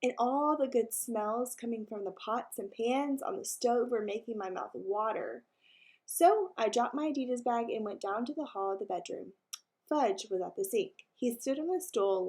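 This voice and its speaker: A woman teacher reading a children's chapter book aloud to her class. Her storytelling is expressive, with a slightly high voice that rises and falls a lot. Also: unhurried.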